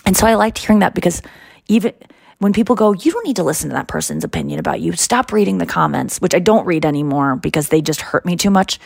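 A woman podcast host in casual chat, telling stories in an animated way and acting out what others said. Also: fairly low pitch, fast, creaky, slightly rough, no room sound, clean studio sound. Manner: animated storytelling, quoting others in raised voices.

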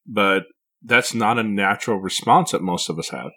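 A man's voice: fairly low pitch, moderate pace, bright, forceful tone. A man hosting a casual podcast conversation as a parent, speaking reflectively with frequent repeated words.

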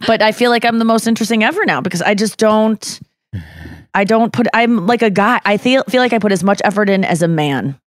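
A woman's voice: mid-range voice, brisk, dry recording, clean studio sound. A woman co-hosting a podcast in casual chat, telling stories with lots of swearing and little acted-out quotes. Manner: chatty storyteller with frequent swearing and acted-out quotes. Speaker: podcast co-host.

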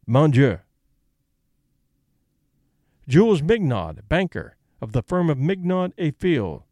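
A man narrating a classic short story aloud, reading witness testimony in a measured, deliberate way. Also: on the high side, a little mellow, dry recording, studio quality.

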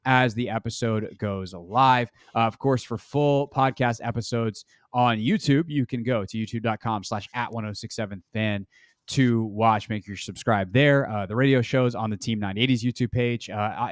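A man's voice: fairly low pitch, moderate pace, dry recording. Man, sports podcast host, casual rambling chat, filler-heavy, dry close mic.

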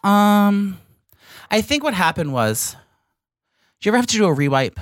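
A man's voice: sits high, sing-song, normal speed, fairly bright tone, no room sound. A man in his thirties hosting a podcast, chatting casually in a rambling, crude, candid way into a close mic. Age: 30s. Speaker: podcast host. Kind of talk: casual chat.

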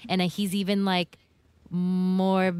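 A woman's voice: on the low side, monotone, slow, a little mellow, smooth, no echo. Playful woman in podcast chat. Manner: playful, giggly. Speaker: podcast co-host. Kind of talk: casual book-club chat.

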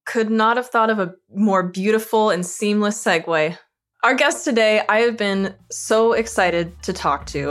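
A woman's voice: mid-range voice, measured pace, faint music behind. A woman hosting a casual gaming chat show, upbeat and enthusiastic as she introduces a guest. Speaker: podcast host.

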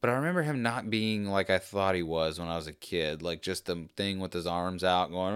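Rambling man with a smooth low voice. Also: normal speed, few pauses, no room sound, clean studio sound. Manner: rambling, jokey, self-deprecating. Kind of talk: casual chat.

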